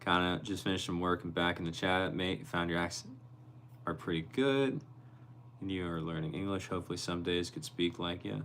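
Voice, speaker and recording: A young man with a very low, deep voice hosts a relaxed livestream from his bedroom. He reads viewers' comments out loud and replies to each of them by name in an easygoing way. A faint hum sits behind him. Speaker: livestream host. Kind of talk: casual livestream chat.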